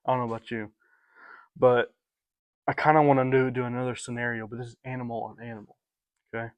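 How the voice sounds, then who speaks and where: A young man with a mid-pitched voice talks easily on a podcast, loose and profane, often filling with "like" and "dude." The recording is dry and close-miked. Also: level tone, fast talker, clear, resonant tone, no echo, muffled recording. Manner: laid-back, profane, says dude and like a lot. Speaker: podcast co-host. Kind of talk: casual chat.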